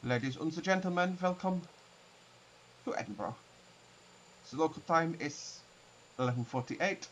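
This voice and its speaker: A man's voice: a little high, expressive, measured pace, long pauses, highs cut off, a little hiss or hum, voice pushed up. A man voicing an airline captain making a formal cabin announcement on arrival.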